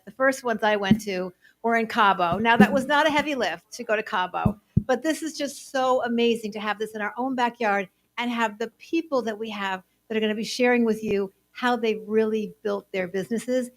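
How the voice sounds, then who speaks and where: A woman co-hosting a live conference, bubbly and excited as she addresses the room. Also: a little high, fairly quick, hardly any pauses. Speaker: co-host. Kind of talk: live event emcee talk.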